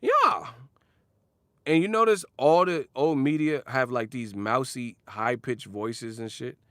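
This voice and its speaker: At a measured pace and medium pitch, a young boxing commentary vlogger delivers a casual, slang-heavy rant full of swearing and laughter. The sound is dry and clean, like a studio.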